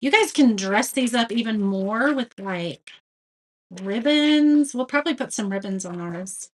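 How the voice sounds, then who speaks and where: On a live craft tutorial, a woman with a high-leaning, animated voice speaks at a measured pace. She chats casually, reads comments from viewers aloud, and laughs at her own mistakes in a self-deprecating manner.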